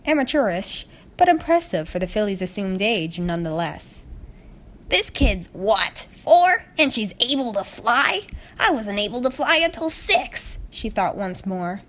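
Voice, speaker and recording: A woman narrating a storybook, reading it aloud steadily. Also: medium pitch. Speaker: story reader.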